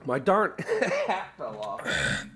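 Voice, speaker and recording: A man's voice: a little high, huge pitch swings, extremely slow, pushed and bright. A man co-hosting a comedy podcast, trading silly banter and making absurd claims with mock confidence. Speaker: podcast co-host.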